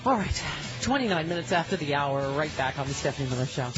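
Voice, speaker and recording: A woman hosting a comedic radio talk show, bantering quickly with her co-hosts and callers and laughing often. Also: deep voice, lively intonation, dull audio, over music.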